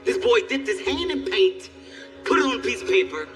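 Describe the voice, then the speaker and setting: A man doing profane, animated stand-up storytelling on stage, jumping into squealing character voices. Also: extremely high pitch, fairly quick, soft background music. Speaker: stand-up comedian. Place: comedy stage.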